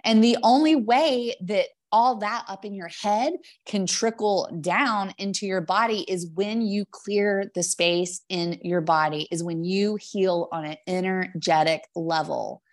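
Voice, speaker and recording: An earnest woman hosting a podcast, speaking at a slow and unhurried pace. She thinks aloud and searches for her words in a reflective, heartfelt way. Her pitch sits at an ordinary middle level. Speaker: podcast host. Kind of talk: reflective interview conversation.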